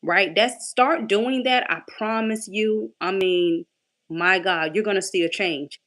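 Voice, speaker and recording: A young woman talks straight to her followers like a faith coach. Her delivery is casual and lively, and she slips easily into preaching. Her voice sits at an ordinary middle pitch for a woman. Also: a little slow. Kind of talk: casual inspirational talk.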